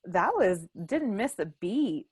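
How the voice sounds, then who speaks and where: A young adult woman hosting a casual family podcast chat, an animated storyteller who laughs often and acts out quoted lines loudly. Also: medium pitch, takes it slowly, breathy edge, dry recording, studio quality. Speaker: podcast host.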